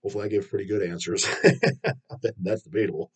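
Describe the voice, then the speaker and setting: A man's voice: lowish voice, brisk, breathy edge. A man hosting a metal video channel, ranting in a rambling, profane and scornful way. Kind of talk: casual ranting vlog.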